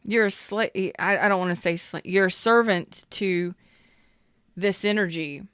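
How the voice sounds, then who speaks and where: With a mid-range, fairly bright voice, a woman runs a relaxed tarot live stream, speaking unhurriedly, smoothly, and clearly. She greets viewers by name, talks frankly, and swears from time to time, recorded dry and close with minimal room echo.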